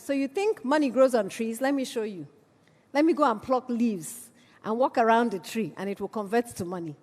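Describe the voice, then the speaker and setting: A woman's voice: fairly high pitch, big-room sound. A woman giving a conference speech, persuasive and rallying, with rhetorical questions. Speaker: conference speaker.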